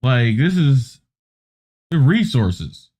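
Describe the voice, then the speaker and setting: A man's voice: mid-range voice, big pitch swings, very slow, mellow. A man co-hosting a news show in loose, rambling casual commentary, with profane asides. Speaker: co-host.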